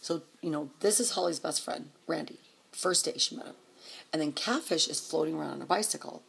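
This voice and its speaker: A woman's voice: sits low, a little fast, vocal fry, a bit bright, breathy edge. A woman vlogger telling a rambling, profane story in a casual way, chuckling as she goes.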